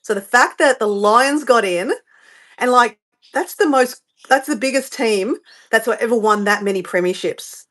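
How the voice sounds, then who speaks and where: A woman's voice: a little high, unhurried, a bit bright. A woman with an Australian accent, from Southeast Queensland, chatting casually while hosting a livestream from her home and rambling off on tangents. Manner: rambling, chatty, easily sidetracked. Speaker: livestream host. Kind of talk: casual live-stream chat.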